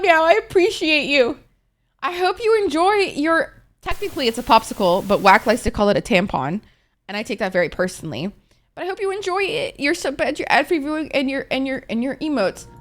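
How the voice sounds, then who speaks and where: A young adult woman streaming, chatting casually with her viewers in a playful, rambling, profane way, often laughing. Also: a little high.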